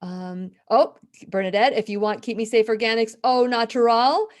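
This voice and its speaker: A woman's voice: fairly high pitch, steady tone, normal speed. Earnest woman host with a slight lisp. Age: 50s. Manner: earnest, emotional storytelling with frequent restarts. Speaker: radio show host. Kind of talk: faith-based live talk show, reading viewer comments.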